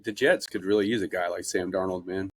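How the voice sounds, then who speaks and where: A man with a mid-pitched voice tells sports stories on a podcast, slipping into lively impressions of the people he quotes. He talks casually, with fillers and restarts. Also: a little fast, a little hiss or hum. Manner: storytelling, animated impressions of others. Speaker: podcast co-host.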